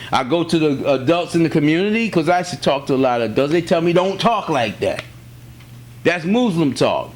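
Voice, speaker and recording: A man from the United States giving a spiritual teaching in an earnest, plainspoken way, repeating key phrases and telling personal stories. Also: fairly high pitch. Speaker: religious teacher.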